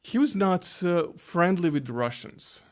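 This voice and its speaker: The pastor, a Hungarian man in his fifties with a Hungarian accent, speaks carefully as an interview guest and often restarts while reaching for English words. His voice is high-pitched and animated, a little slow.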